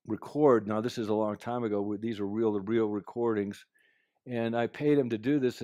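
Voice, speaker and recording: Man, mid pitch, earnest storyteller delivering a life lesson, dry close sound. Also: no echo. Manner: earnest storyteller, drops to a quiet voice for quotes. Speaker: speaker sharing life lessons. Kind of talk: anecdotal talk to camera.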